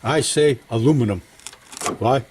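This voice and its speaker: A man's voice: medium pitch, unhurried, darkish tone, slight background noise. An older man chatting folksily to viewers as he works on an engine in his home workshop, rambling from one thought to the next. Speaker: home mechanic vlogger. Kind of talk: casual workshop vlog.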